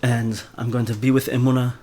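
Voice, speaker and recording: A man's voice: mid-range voice, fairly quick, husky. Man teaching a Torah class. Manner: animated, mixes Hebrew terms into speech, repeats words often.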